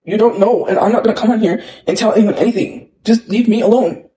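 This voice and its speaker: Upset man livestreaming, high and soft-toned, rattles on fast with lots of fillers. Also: poor audio. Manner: upset, rambling, repeats himself with many fillers. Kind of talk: emotional livestream rant.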